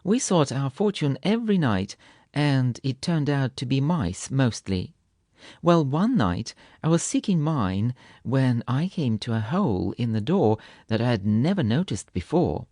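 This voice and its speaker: A man's voice: mid-range voice, darkish tone, dry recording, studio quality. A man voicing a proud, touchy male kitten who spins a tall tale with fanciful, indignant flair.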